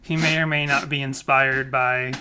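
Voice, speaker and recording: A man's voice: medium pitch, level tone, moderate pace, sharp tone, clear, resonant tone. A man co-hosting a casual podcast, rambling and correcting himself as he jokes along. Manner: rambling, self-correcting, joking. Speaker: podcast co-host.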